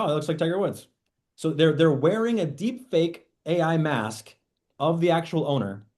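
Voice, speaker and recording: A man teaching real estate agents in an animated training talk, often acting out quoted dialogue. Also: fairly high pitch.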